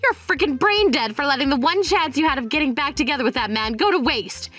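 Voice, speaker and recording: Synthetic woman voicing a greedy scolding mother, high voice. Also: lively intonation, fairly quick, a bit bright. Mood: furious. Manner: harsh, insulting. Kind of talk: text-to-speech text story. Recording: faint music underneath.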